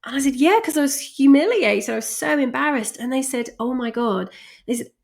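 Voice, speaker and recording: A woman's voice: sits high, a little fast, vocal fry, a little mellow. Woman, communication coach, chatty, laughs often, leans on key words. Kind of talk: recorded lesson.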